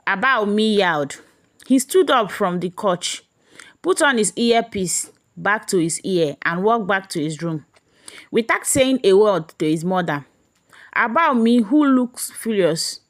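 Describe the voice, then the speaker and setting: Woman storyteller, middle pitch, reading a folk tale with drama. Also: animated, measured pace, fairly bright tone. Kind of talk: read story narration.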